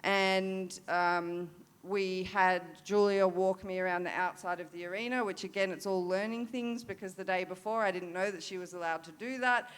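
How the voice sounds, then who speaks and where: An Australian woman in her thirties tells a story from her riding career with open candour. Her voice is smooth and clear, set at a middle pitch, and she often restarts her sentences and fills pauses with "um" and "you know.". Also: steady tone. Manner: candid, with many fillers and restarts. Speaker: para-dressage rider. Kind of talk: storytelling talk at a forum.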